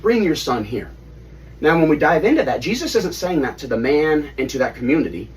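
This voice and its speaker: A man in his thirties retelling a story to his children at home, animated and stopping to quiz them. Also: fairly high pitch, fast. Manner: animated, asks kids questions. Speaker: father leading family Bible study. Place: family home. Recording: distant mic, faint room ambience.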